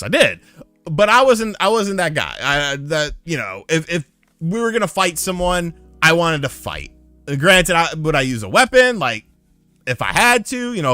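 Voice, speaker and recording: A man's voice: on the high side, moderate pace, no echo, faint music behind. A man casually telling a story on a stream, swearing a lot and acting out the dialogue. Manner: profane, animated, acts out dialogue.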